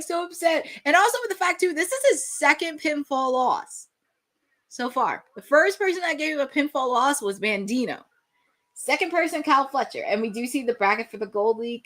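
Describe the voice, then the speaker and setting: An excitable young woman hosts a live watch-along, talking through the action as it happens. Her voice sits fairly high and swings widely up and down, and she breaks into shouts when the action peaks. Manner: excitable, bursts into shouts at big moments.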